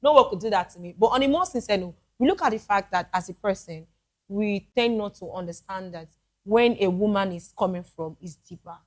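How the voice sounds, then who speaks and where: A woman's voice: medium pitch, animated, a little fast. A Nigerian woman co-hosting a talk show, joking playfully in casual chat.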